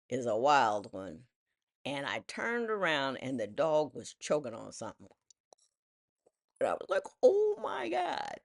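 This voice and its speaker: A woman in her sixties tells a personal story in a lively, self-mocking way, briefly putting on the voices of the people she quotes. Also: extremely low pitch, gravelly. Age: 60s. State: widowed. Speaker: vlogger.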